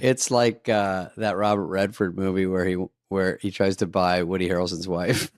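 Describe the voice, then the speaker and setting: A man co-hosting a comedic podcast, dropping wry, deadpan quips. His voice is fairly low for a man, and it is recorded close and dry. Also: moderate pace, dry recording. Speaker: podcast co-host. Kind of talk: casual comedic chat.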